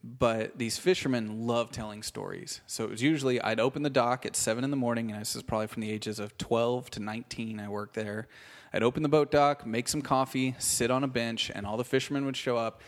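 A man chatting as a podcast guest, telling stories in an animated, casual and profane way. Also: medium pitch, brisk. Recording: long hall reverb.

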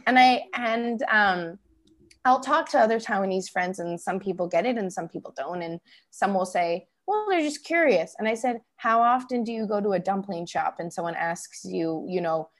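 Young canadian woman chatting, lively, jumps up high when she acts out what people said. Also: moderate pace. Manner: animated storytelling, acts out quoted exchanges in a higher voice. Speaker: interviewee. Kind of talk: casual conversational interview.

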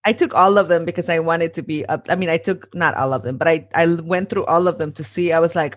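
A woman's voice: lowish voice, a little fast, hardly any pauses. A woman in her thirties co-hosting a podcast in casual chat, laughing often and mixing in Spanish phrases. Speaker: podcast co-host.

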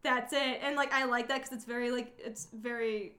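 A woman's voice: fairly high pitch, fairly even intonation, normal speed, pushed and bright, roomy sound. Giggly young woman. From Malden, Massachusetts. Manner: giggly, rambling with many fillers. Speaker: podcast co-host. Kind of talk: casual chat.

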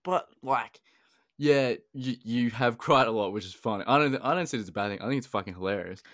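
A man's voice: mid-range voice, a little fast, fairly bright tone, dry recording, studio quality. A man hosting a podcast, laid-back and teasing, swearing casually. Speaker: podcast host.

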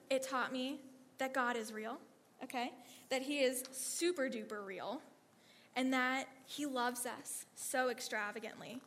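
A woman sharing a personal faith testimony in an animated storytelling manner, often acting out quotes and checking in with "okay". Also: high voice, long reverb tail.

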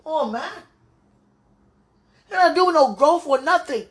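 A woman's voice: sits high, expressive, measured pace, pauses often. A woman praying aloud to God in a pleading, tearful way, her voice breaking and sometimes falling to a whisper. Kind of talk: emotional spoken prayer.

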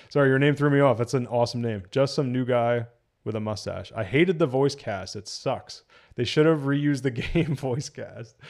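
A young man from New Jersey casually reviewing on a live stream, animated, swearing and laughing often. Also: mid-range voice.

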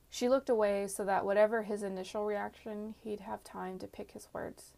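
Gravelly-voiced woman narrating a fantasy novel. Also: mid-range voice, little pitch movement, normal speed, few pauses, dark tone. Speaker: audiobook narrator. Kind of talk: scripted narration.

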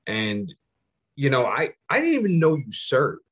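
A man's voice: medium pitch, big pitch swings, measured pace, fairly bright tone, slightly rough. A man hosting a podcast in casual chat, laid-back and slangy, asking curious questions. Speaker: podcast host.

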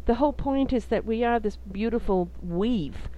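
A woman's voice: a little high, moderate pace, warm tone, dull audio. A woman hosting a conversation, speaking in a flowing, affirming way. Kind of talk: podcast conversation.

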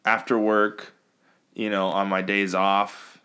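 A man co-hosting a movie podcast in casual chat, an animated storyteller who acts out quotes and swears freely. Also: on the low side, takes it slowly, clean tone. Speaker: podcast co-host.

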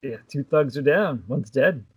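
A man co-hosting a casual film podcast, talking in a relaxed way with wry asides. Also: medium pitch, a little slow, slightly rough, lo-fi sound. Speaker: podcast co-host.

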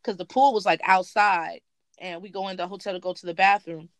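A young woman co-hosting a casual podcast chat, telling a story in an animated way, acting out what people said, laughing often. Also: fairly low pitch, brisk, dry recording. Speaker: podcast co-host.

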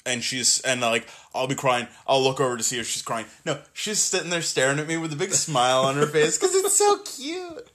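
A young man co-hosting a podcast, chatting casually, animated, swearing and laughing often. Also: mid-range voice, fairly quick, hardly any pauses. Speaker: podcast co-host. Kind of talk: casual chat.

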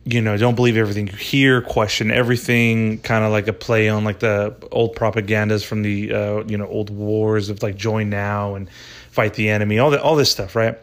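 A man's voice: fairly low pitch, level tone, a little fast. A man, maybe in his twenties, hosting a podcast, telling a story in a rambling, profane way with lots of fillers. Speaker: podcast host. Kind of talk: casual storytelling chat.

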